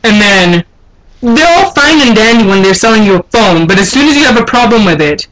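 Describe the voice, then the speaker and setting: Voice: medium pitch, lively intonation, brisk, a bit bright, low-quality recording. Exasperated young vlogger ranting. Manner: indignant, exasperated complaining. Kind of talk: casual ranting vlog.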